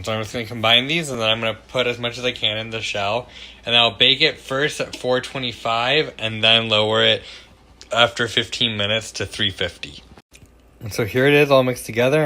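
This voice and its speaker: A young man talks his way through a recipe in a home kitchen, loose and self-deprecating, full of little asides. His voice is bright and forward, at an ordinary middle pitch, with a faint hum of room noise behind him. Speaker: cooking show host. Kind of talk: casual cooking demonstration.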